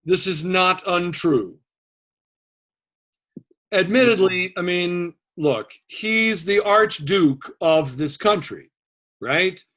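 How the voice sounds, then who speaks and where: A male history teacher lecturing a class in a loose, conversational way. His voice sits a little high for a man, and he drifts into joking asides full of fillers before circling back to the lesson. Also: takes it slowly, pauses often, bright, forceful tone.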